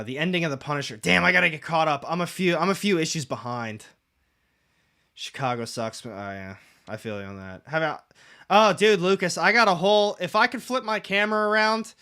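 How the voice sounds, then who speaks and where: A man's voice: on the high side, pushed and bright, clear, resonant tone. A young man hosting a casual comics livestream, rambling, reading chat aloud and swearing casually from his room at home.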